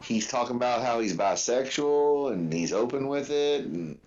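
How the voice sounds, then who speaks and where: A man's voice: medium pitch, animated, moderate pace, lo-fi sound, a crowd in the background. A man hosting a livestream watch-along, chatting casually in a rambling, profane way with lots of fillers. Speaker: livestream host.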